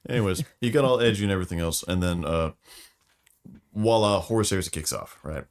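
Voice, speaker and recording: Very deep-voiced man explaining lore. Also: fast. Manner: loose, slangy explainer. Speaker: podcast co-host. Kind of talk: casual lore chat.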